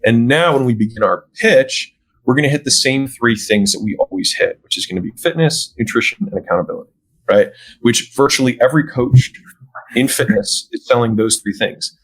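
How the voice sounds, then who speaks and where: A man as a podcast guest, explaining how he sells fitness programs in casual conversation and often checking in with a quick "right?". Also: medium pitch, expressive, low-quality recording. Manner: acts out sales dialogue, often tags "right?". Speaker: podcast guest, gym business owner.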